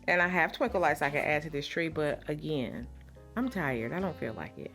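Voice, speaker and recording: A woman's voice: low-pitched, lively intonation, normal speed, fairly bright tone, soft background music. A middle-aged woman, talking to viewers in a casual vlog, telling a story dramatically with repeated phrases while her voice trembles. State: shaken, voice trembling. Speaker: lifestyle vlogger.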